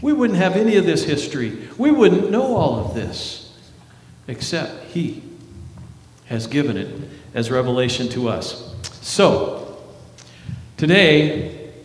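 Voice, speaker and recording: A man's voice: on the high side, sing-song, takes it slowly, pauses often. A man preaching a sermon as pastor, earnest, with rising emphasis and dramatic drops in voice. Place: church sanctuary. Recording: echoey hall reverb.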